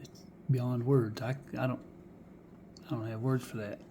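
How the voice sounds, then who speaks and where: A man's voice: medium pitch, flat delivery, measured pace, dark tone, a little hiss or hum. A man showing off die-cast cars in a casual vlog, folksy and musing aloud, often dropping to a whisper. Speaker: die-cast car collector showing finds. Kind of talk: casual show-and-tell vlog.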